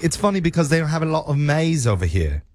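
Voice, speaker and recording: A man's voice: fairly high pitch, very animated, quick pace. This is a cheeky, pushy airline customer-care man with a clumsy mock British accent, put on by a male radio host. He teases and chuckles at his own jokes in a slightly raised voice, with a crowd of voices heard behind him. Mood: teasing. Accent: put-on bad British accent. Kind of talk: radio prank call.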